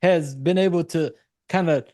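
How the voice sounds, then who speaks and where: Southern guy from south carolina rambling on a podcast, bit high pitched, swears a lot. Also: moderate pace, mellow, no room sound, studio quality. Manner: profane, rambling storyteller with a country drawl. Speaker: podcast co-host. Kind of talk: casual chat.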